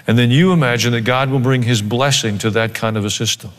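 A man preaching a sermon as pastor, reading scripture and adding dry joking asides in an animated way. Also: medium pitch, quick pace. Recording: long hall reverb.

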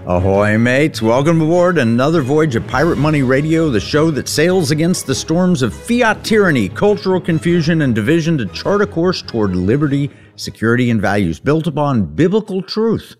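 A man's voice: on the high side, sing-song, fairly quick, hardly any pauses, darkish tone, soft background music. A man hosting a radio talk show with a playful, pirate-themed delivery. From Texas. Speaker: host.

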